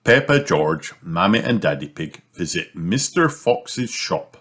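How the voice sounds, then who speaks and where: A man reading a children's book aloud in a slow, animated storytelling manner. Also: low voice, a little hiss or hum. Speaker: storybook reader.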